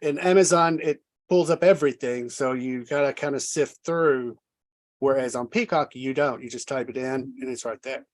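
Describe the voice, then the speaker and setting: A woman from the American South with a Southern accent, hosting a casual interview, fast and friendly with easy laughs. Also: a bass voice. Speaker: host.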